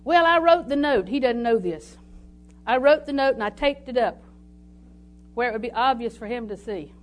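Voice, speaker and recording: A woman's voice: a little high, expressive, moderate pace, faint music behind. A woman preaching a sermon, telling homely stories and reading scripture aloud. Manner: folksy storytelling with scripture reading.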